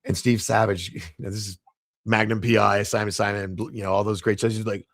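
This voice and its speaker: A middle-aged man, a podcast guest, telling animated anecdotes and acting out the dialogue in shifting voices. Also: lowish voice, brisk, creaky, dry recording, clean studio sound. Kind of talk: casual storytelling in a podcast interview.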